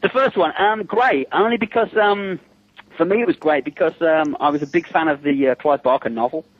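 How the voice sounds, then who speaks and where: This Englishman, a special effects makeup artist on the show as a guest, speaks a little high and a little fast with no room sound. Down a tinny, dry phone line, he shares lively stories in a casual interview, laughing a lot and performing the quotes.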